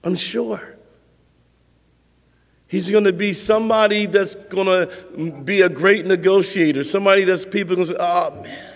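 A man's voice: sits high, steady tone, normal speed, big-room sound. A male pastor preaching a sermon in a conversational way, repeating points for emphasis.

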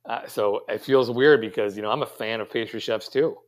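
A man's voice: on the low side, brisk. Rambling, reflective middle-aged man. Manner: rambling, reflective, many fillers and restarts. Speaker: pastry chef guest. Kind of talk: conversational interview answers.

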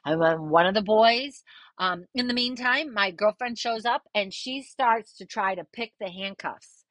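Middle-aged woman, bright tense voice, dry close recording, casual storytelling, animated, swears. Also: medium pitch, measured pace, no room sound. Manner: animated, swears freely, acts out quoted voices. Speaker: podcast host telling a personal story.

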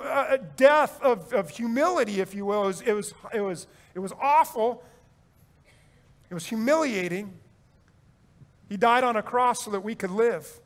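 Male pastor, high voice; sermon delivery, emphatic with repeated phrases and light humor. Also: measured pace. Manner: emphatic, swings between loud urging and quiet reflection; repeats phrases for effect, jokes and chuckles.

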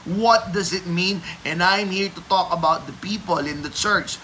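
A man with a Filipino accent giving a devotional prayer message as a pastor, slow and emphatic, letting his phrases trail off softly. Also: sits high, slight background noise, poor audio. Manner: switches between English and Tagalog, slow and emphatic.

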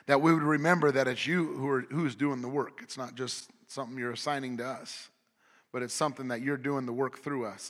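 A man's voice: medium pitch, fairly bright tone, in a large hall. A man preaching a sermon as pastor in a church, leading the congregation in call-and-response with rising emphasis. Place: church sanctuary.

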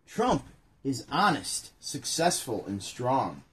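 Co-hosting a casual chat, a man reads a children's book aloud into his phone's front camera, joking and rambling as he laughs at his own slip-ups. His voice is medium-pitched, a bit bright, very animated, and slow.

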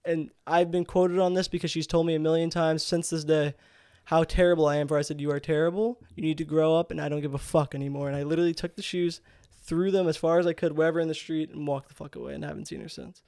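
A man in his twenties, a podcast co-host telling a story in heated, profane, animated casual chat. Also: fairly high pitch, fast, clean tone, no room sound, studio quality. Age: 20s.

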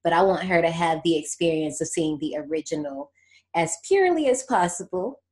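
A woman hosting a casual movie podcast, telling the story in a lively, slangy way and laughing often. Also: on the low side, fairly quick. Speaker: podcast host recapping a horror movie. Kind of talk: casual chat.

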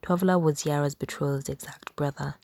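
A woman narrating a story in a hushed, unhurried whisper. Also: deep voice, steady tone, creaky.

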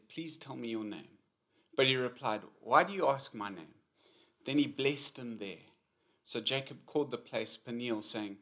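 Man preaching with swinging intensity. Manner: dynamic preaching, swinging between loud emphasis and soft low lines. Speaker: pastor. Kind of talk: sermon.

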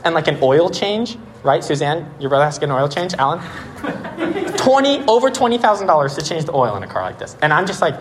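A young man in his twenties giving a casual sermon and telling a story in a lively way, with many "like"s. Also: fairly high pitch, a little fast, slight background noise. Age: 20s. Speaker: preacher.

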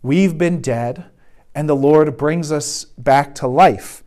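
A man's voice: fairly high pitch, takes it slowly, a little mellow. A man giving a conversational sermon at a retreat, often checking in with "right?". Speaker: retreat speaker. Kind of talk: sermon talk.

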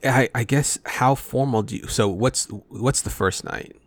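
A man's voice: medium pitch, unhurried, dry recording. A man co-hosting a podcast in laid-back casual chat, peppered with "like.". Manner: laid-back, with filler words like "like". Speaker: podcast co-host.

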